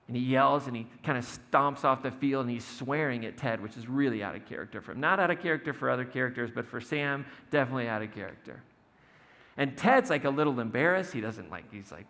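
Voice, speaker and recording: Male pastor, gravelly, easygoing storyteller; church-hall echo, soft music behind. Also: mid-range voice, fairly quick. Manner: storytelling, acts out quotes with humor. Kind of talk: conversational sermon.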